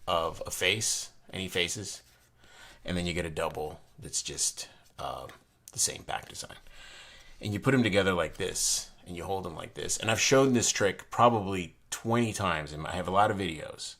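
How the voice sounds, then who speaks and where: A man's voice: low voice, normal speed, fairly bright tone. A man casually reviewing a deck of playing cards and explaining a trick, rambling with frequent restarts and bursts of enthusiasm.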